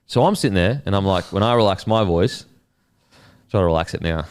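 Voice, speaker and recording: Australian man, young, low-pitched, rambling, sweary, casual podcast chat. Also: a little fast. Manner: sweary, rambling, laid-back. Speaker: podcast host.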